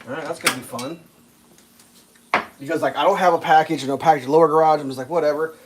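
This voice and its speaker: A man's voice: on the high side, fairly even intonation, fast talker, noisy background. A man hosting a live stream, casually telling a long, exasperated story in a rambling, profane way. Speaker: livestream host.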